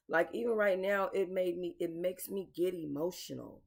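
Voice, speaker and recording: A woman's voice: lowish voice, normal speed, creaky. A woman hosting casual commentary, talking bluntly and emotionally to her viewers, swearing and calling them y'all. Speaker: commentary channel host.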